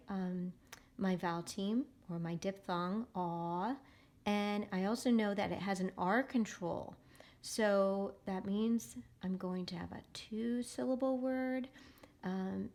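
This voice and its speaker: A woman teacher giving a phonics lesson to young children, slowly and carefully sounding out words. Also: mid-range voice, darkish tone. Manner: slow, careful modeling of sounds.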